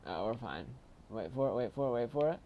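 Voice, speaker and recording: A man casually commentating his own video game play, chatty and bursting into excited shouts. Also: medium pitch, fairly quick, dull audio, a little hiss or hum. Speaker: gaming channel host.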